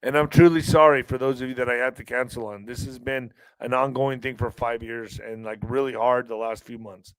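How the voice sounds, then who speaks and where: A middle-aged man talks casually on his livestream, earnest and rambling as he breaks off and restarts his sentences. He sounds worn down and strained. His voice is smooth and clear, recorded close and dry. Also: mid-range voice, steady tone, brisk, hardly any pauses, no room sound, rough recording. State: emotionally strained and weary. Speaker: livestream podcast host. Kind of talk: casual livestream chat reading viewer comments.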